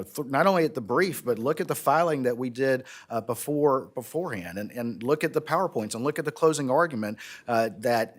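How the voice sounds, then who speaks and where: A man gives an earnest courtroom argument as an attorney. His pitch sits in the middle, and his points build to emphatic peaks. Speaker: prosecutor arguing an appeal.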